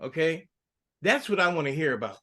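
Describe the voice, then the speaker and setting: Animated, heated male podcast co-host. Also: brisk. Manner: heated, rising pitch when angry. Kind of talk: casual political commentary.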